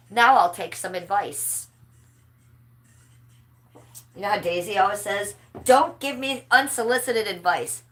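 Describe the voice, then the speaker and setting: A middle-aged woman hosting a casual livestream, chatting and gossiping with her viewers and laughing often. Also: on the low side. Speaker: livestream host.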